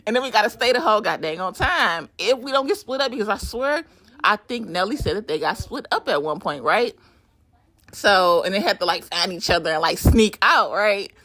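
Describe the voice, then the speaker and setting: Bright-toned, chatty middle-aged woman, casual home vlog voiceover, close and dry. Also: mid-range voice, normal speed, dry recording. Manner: chatty, animated, laughing, swearing casually. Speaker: nail art creator. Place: home game room.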